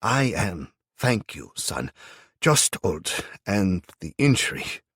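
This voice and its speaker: A man's voice: low voice, very animated, takes it slowly, fairly bright tone, slightly rough, no echo, studio quality, voice pushed up, heavily acted. A man voicing a stoic, injured old man in an audiobook, formal and kindly in manner. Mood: wry, stoic.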